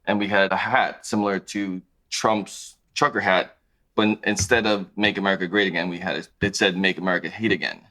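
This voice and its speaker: A man in his thirties, a podcast guest talking about his clothing brand in a relaxed, conversational way. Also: low voice, fairly quick. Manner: relaxed, conversational, thinks aloud with restarts. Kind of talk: casual interview chat.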